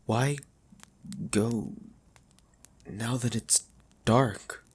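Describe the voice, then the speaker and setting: A woman voicing a sinister young man in a slow, deep, menacing way. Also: breathy edge, full character voice. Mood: menacing calm.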